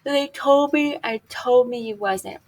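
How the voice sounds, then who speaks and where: A woman reading aloud as a big, childlike, simple-minded farmhand, speaking in a plaintive, halting way. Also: a little high, voice pushed up. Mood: mournful.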